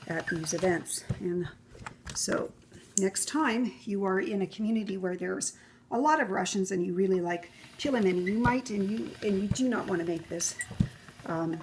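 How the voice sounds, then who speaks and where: A woman's voice: mid-range voice, noisy background. Chatty middle-aged woman teaching a recipe. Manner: chatty and rambling, with many fillers. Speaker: home cook demonstrating a recipe. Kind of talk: casual cooking demonstration. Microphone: camera mic, filmed by her son.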